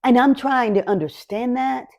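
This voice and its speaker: A podcast host with a slightly high, darkish voice gives a heartfelt motivational talk on her own show. She speaks slowly and encouragingly, so emotional she's close to tears.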